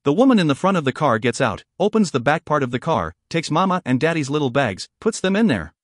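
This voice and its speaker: A man narrating a first-person fantasy audiobook with expressive storytelling. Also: a little high, quick pace, no room sound, clean studio sound.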